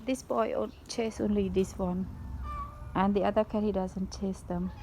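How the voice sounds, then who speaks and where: A woman's voice: medium pitch, steady tone, moderate pace, warm tone, poor audio. A woman feeding stray animals at a pagoda, talking in simple English and cooing to the animals in a coaxing voice. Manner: simple non-native English, coaxing baby talk to animals. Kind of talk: casual vlog commentary. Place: outdoors at a pagoda. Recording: outdoor background noise.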